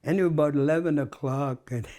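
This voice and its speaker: A man's voice: fairly high pitch, fairly quick, darkish tone. A man in his nineties with a Canadian accent, telling old stories in an interview with frequent chuckles. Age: 90s. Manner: chuckling, reminiscing, tags with "eh". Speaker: interview guest. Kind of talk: casual storytelling.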